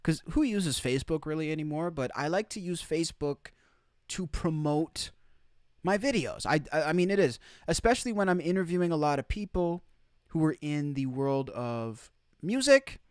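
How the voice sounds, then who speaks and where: A man's voice: a little high, lively intonation, moderate pace, smooth, dry recording, clean studio sound. A man hosting opinionated live commentary from outside the United States, emphatic and repeating his key phrases. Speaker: commentary streamer.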